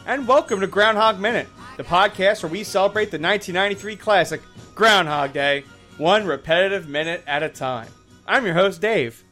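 Slightly high-voiced man co-hosting a podcast. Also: normal speed, sharp tone, soft background music. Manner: chatty, laughs easily, acts out quotes. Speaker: podcast co-host. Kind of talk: casual podcast chat.

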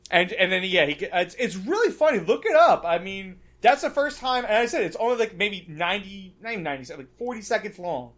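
A man co-hosting a podcast, telling stories in a rambling, animated way full of fillers. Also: sits high, a little fast, few pauses. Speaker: podcast co-host. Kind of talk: casual podcast chat.

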